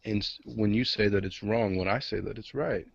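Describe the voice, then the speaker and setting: A man's voice: fairly low pitch, normal speed, vocal fry, over a noisy crowd. A man in casual argument who pushes back with a stream of rhetorical questions. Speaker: debater in an online chat. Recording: dry, dull lo-fi audio.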